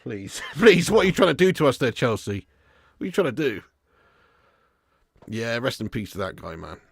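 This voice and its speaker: A man's voice: mid-range voice, big pitch swings, normal speed, vocal fry, slightly rough, no echo, clean studio sound. A man hosting a live football watch-along stream, joking with chat in slangy banter and laughing often.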